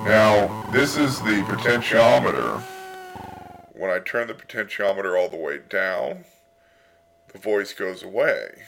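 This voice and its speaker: A man with a low, gravelly voice walks through a breadboard circuit in a relaxed, wry way, as if chatting at his home workbench. His voice at times comes through a small mic circuit that makes it tinny and distorted. Buzzing synth-like oscillator tones sit loud behind him. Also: a little slow, music in the background. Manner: relaxed, wry asides while tinkering. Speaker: electronics hobbyist demonstrating a circuit. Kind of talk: casual hands-on tutorial. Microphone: desktop mic, at times heard through a breadboard circuit.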